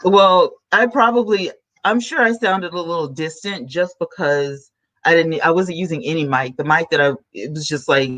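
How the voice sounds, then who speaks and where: A woman with a soft, low-key voice chats casually with her viewers. She hosts a podcast from a desk at home. She talks into a new desk mic and snacks between sentences. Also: moderate pace. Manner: chatty, talks while snacking. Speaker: podcast host.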